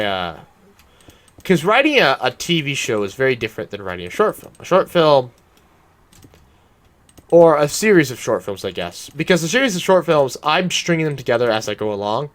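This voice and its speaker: A man's voice: medium pitch, a bit bright. A man, a gaming YouTuber, giving casual, rambling commentary while he plays a game. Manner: rambling, meandering storytelling.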